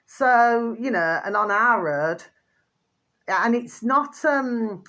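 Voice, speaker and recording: A woman's voice: on the high side, expressive, takes it slowly, bright, forceful tone. Woman, casual vlogger; rambling, chatty delivery full of repeated endearments to viewers. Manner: indignant outbursts amid gossipy storytelling.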